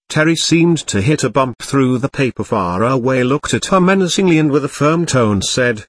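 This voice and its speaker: A man narrating a children's story in an even, unhurried reading voice. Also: medium pitch, breathy edge, no echo. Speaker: audiobook narrator. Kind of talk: scripted narration.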